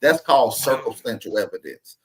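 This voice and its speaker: A man talks through a point in a loose street-slang manner, checking in with his listeners every few sentences. His voice sits at an ordinary middle pitch and carries the easy flow of a casual online panel. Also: very animated, a little fast, fairly bright tone.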